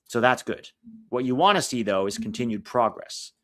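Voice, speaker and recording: An American man chats casually as he hosts a live stream, rattling off lineups and answering viewers' messages. His voice sits at an ordinary middle pitch and is picked up dry and close, with no room sound around it. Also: animated, normal speed, fairly bright tone, no room sound. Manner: chatty, reads out lineups and chat messages. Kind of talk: casual live watch-along chat.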